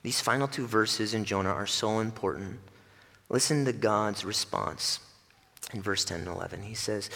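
A man preaching a sermon with passion, swinging from loud rising questions to hushed, low scripture reading. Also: normal speed, gravelly, long reverb tail. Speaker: pastor.

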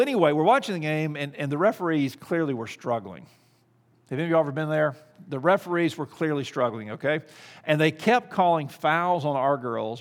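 A man's voice: mid-range voice, in a large hall. A middle-aged man preaching a sermon, telling a story and then building into emphatic preaching.

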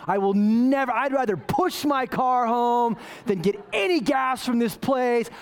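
A pastor telling a self-mocking story in a sermon, animated and often asking "right?". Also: male voice, very high-pitched, a little slow. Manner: self-mocking, waves arms while talking.

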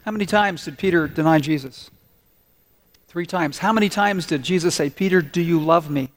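A man preaching a sermon, telling a story earnestly and slowing down to stress key points. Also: a little high. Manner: earnest, storytelling, slows down for emphasis. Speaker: pastor.

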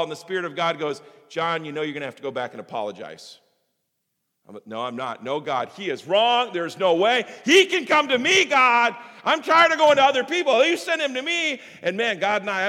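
Reverberant hall, preaching man with a swinging voice. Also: a little high. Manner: swings from loud emphatic preaching to hushed intimate tones. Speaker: pastor. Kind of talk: sermon.

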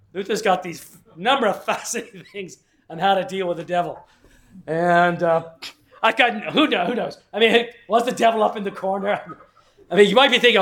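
A middle-aged man from England lectures in a loose, rambling way. His voice sits fairly high, and he slips into acted-out quotes between chuckling asides. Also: lively intonation, moderate pace, a bit bright. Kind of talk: casual lecture with anecdotes.

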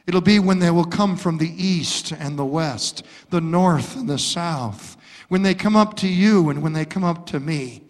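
A man's voice: on the high side, measured pace. A male pastor delivering an impassioned sermon and acting out stories, recorded in a church sanctuary. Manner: impassioned preaching with acted-out stories. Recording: long reverb of a large hall.

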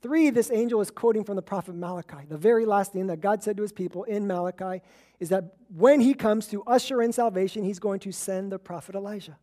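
Woman preacher, mellow warm voice, casual storytelling sermon, acts out the quotes. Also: mid-range voice. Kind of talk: conversational sermon.

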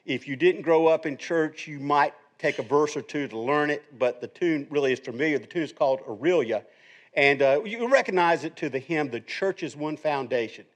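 A man's voice: on the high side, moderate pace. A middle-aged man preaching a sermon as a pastor, in a conversational, joking teacher's tone.

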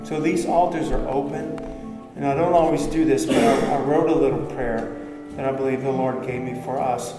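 A man's voice: medium pitch, steady tone, normal speed. A man, preaching a sermon as pastor, earnest and building to emphatic appeals. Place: church sanctuary. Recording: echoey church hall with music.

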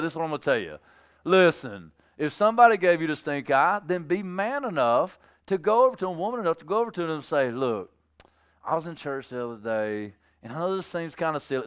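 Male preacher with a lively, conversational delivery in church; slightly higher voice with a clean, resonant tone. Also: clean tone. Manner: animated, conversational, acts out little dialogues. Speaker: pastor. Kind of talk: sermon.

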